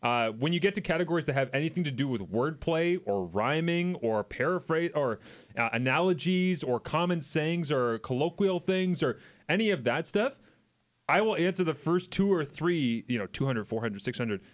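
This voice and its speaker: A man's voice: a little high, lively intonation, moderate pace. A middle-aged Canadian man co-hosting a sports radio show, chatting casually, rambling through stories and laughing often. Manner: laughs a lot, rambling storyteller. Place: radio studio.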